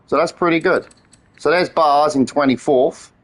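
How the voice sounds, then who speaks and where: On a live game stream, a man chats excitedly at a moderate pace in a slightly high voice. He swears freely and trades teasing banter with his friends during gameplay.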